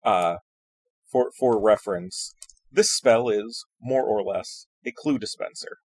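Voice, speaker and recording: A man plays in a tabletop role-playing game, explaining his character's spell with a wry edge. His voice is low and husky. The recording is dry and close. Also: slow pace, dry recording. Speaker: player.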